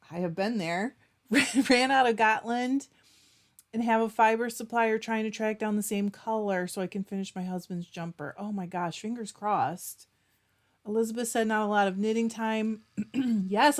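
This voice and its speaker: A woman hosting a casual live stream. She reads out viewers' comments, chats back to them and keeps clearing her throat. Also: medium pitch. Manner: chatty, reads out comments and answers them warmly. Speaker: livestream host.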